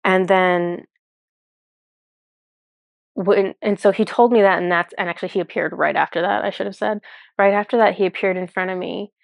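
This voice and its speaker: A woman's voice: mid-range voice, fairly even intonation, moderate pace, gravelly, pauses often, dry recording. Chatty woman telling a spiritual story. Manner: chatty and rambling, full of "like" and self-corrections. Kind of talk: casual storytelling to viewers.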